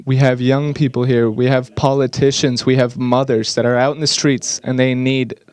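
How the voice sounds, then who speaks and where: Smooth-voiced male interpreter. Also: mid-range voice, little pitch movement, moderate pace, darkish tone. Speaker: voice-over interpreter. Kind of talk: live interpretation voice-over.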